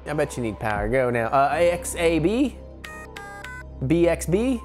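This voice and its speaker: A man's voice: fairly high pitch, sing-song, normal speed, a little mellow. A man from Kentucky giving casual let's-play commentary, joking around and slipping into silly voices. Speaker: co-op game player. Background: faint game music.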